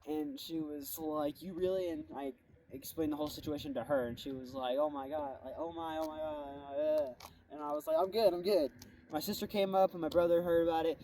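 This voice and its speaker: A young guy whose voice runs on the high side and a little mellow tells a meandering, easygoing story about his day, dropping "bro" and "like" a lot. The mic picks him up from a bit of a distance, with faint background noise.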